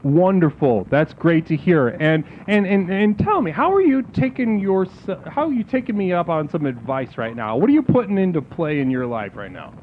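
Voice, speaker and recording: Lively man hosting a spoof call-in show. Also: fairly high pitch, normal speed, few pauses, a little hiss or hum. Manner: mock-serene guru talk, abrupt crude outbursts. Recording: phone-like lo-fi sound with faint music.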